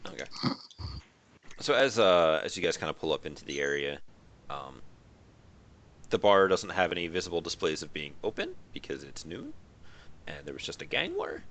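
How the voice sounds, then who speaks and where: A man narrating as game master in a relaxed, wry way, with many fillers. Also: low voice, normal speed, long pauses.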